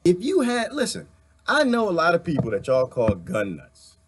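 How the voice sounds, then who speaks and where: A man in a casual ranting monologue to viewers, talking into a phone, his voice swinging from loud to soft and breaking into laughs. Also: fairly high pitch, moderate pace, slight background noise. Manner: animated, swings loud and soft, laughs often, talks to chat. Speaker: online talk host.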